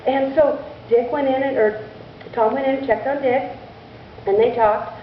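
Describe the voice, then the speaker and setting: In a church sanctuary, a woman tells a children's story animatedly, asking the children questions as she goes. Her voice is high-pitched and moderately paced, and the distant, echoey recording is muffled with slight background noise.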